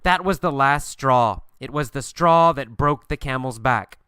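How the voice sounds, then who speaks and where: Guy teaching english, slow and patient, repeats stuff, bright clean voice, dry close recording. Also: medium pitch, smooth, dry recording. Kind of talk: recorded English lesson, storytelling.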